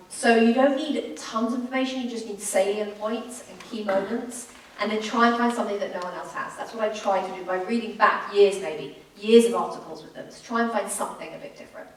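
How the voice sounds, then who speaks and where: A woman in her thirties with an English accent, a sports broadcaster telling animated stories in an on-stage conversation. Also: mid-range voice, slight background noise. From England. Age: 30s. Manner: quick, animated storyteller. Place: school event hall. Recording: echoey hall from far off.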